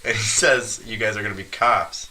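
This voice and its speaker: A man's voice: on the low side, steady tone, moderate pace, pushed and bright, a little hiss or hum. A young man casually telling a funny story, laughing often as he goes. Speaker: podcast guest storyteller. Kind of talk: casual chat.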